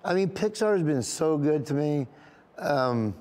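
A man's voice: on the high side, animated, a little slow, darkish tone, big-room sound. A man, a comedian, telling a rambling, emotional story in an interview, often near tears and laughing. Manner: rambling, tearful and laughing as he recalls.

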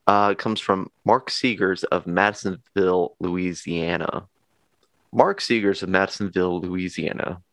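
A man's voice: deep voice, gravelly, fairly bright tone, no room sound. A man co-hosting a podcast in casual chat, with dry, self-deprecating humor. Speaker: podcast co-host.

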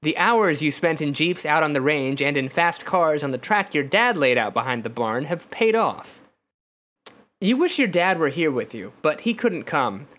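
A man's voice: on the high side, lively intonation, moderate pace, fairly bright tone. Man narrating a gamebook in second person. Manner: reads in second person, with joking asides. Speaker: podcast co-host reading a gamebook aloud. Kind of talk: comedic read-aloud narration and banter.

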